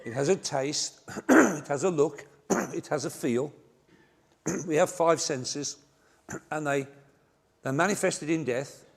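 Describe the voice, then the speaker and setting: An older man delivers a humorous sermon to a church congregation. His voice sits a little high and swings widely in pitch as he spins self-mocking anecdotes. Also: expressive, slow, creaky, pauses often, slightly rough. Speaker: pastor. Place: large church before a congregation.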